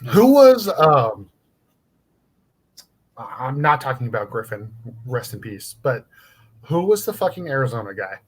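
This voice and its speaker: A man's voice: mid-range voice, very animated, a little slow, pauses often, breathy edge. Laid-back man hosting a casual chat. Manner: laid-back, says dude often, profane. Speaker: podcast host.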